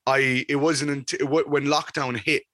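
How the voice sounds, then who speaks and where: An Irish man co-hosting a podcast, telling sweary stories in an animated, casual way. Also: medium pitch, moderate pace, no echo. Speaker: podcast co-host. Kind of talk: casual chat.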